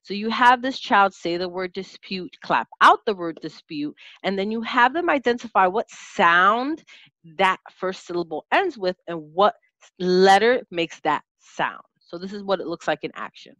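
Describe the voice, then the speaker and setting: A woman teaching a lesson, sounding out letters and syllables slowly and clearly as an instructor. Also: mid-range voice, expressive, a bit bright, no room sound, lo-fi sound. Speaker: teacher and test-prep instructor.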